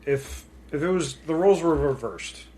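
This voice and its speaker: A man's voice: fairly high pitch, expressive, normal speed, darkish tone, a little hiss or hum. A man co-hosting a casual podcast from home, joking and self-deprecating as he talks through a movie. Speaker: podcast co-host. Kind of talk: casual chat. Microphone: pink studio mic.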